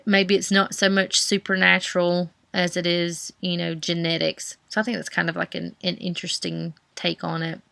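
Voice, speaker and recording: Young Southern woman, book vlogger, low-ish smooth voice, chatty and rambling, dry close sound. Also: little pitch movement, moderate pace, few pauses, pushed and bright, no room sound. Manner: rambling, many fillers and restarts. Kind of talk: casual chat.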